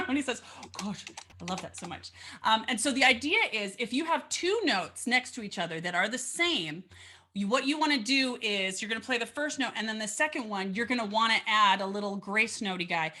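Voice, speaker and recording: A woman's voice: a little high, lively intonation, moderate pace, sharp tone. A woman teaching fiddle in a casual online lesson, bubbly and chatty with playful asides, heard over a video call.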